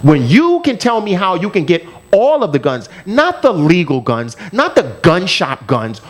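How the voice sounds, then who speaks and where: Fired-up profane man ranting, high lively voice. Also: a little slow. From United States. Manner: angry, profane, emphatic ranting. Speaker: radio show co-host. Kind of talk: heated talk radio rant.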